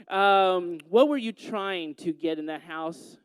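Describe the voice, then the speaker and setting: A man's voice: sits high, expressive, slow pace, a bit bright, clear, resonant tone, dry recording. A man giving a talk to a gathering, telling a story in a playful way and teasing his listeners. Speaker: youth speaker.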